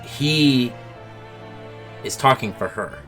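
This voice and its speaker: A streamer chatting with friends over a game, teasing them and laughing often. The voice is lively and swoops widely in pitch. Game music plays clearly underneath. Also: slow pace. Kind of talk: casual let's-play chat.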